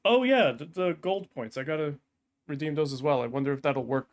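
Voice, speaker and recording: A man's voice: a little high, animated, fairly quick. A man chatting casually on a live stream, hesitant with frequent ums and restarts.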